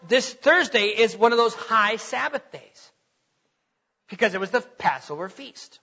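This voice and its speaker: High bright preacher, husky, lo-fi. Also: male voice. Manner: conversational, checks in often with the listeners. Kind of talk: teaching sermon. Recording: dull lo-fi recording.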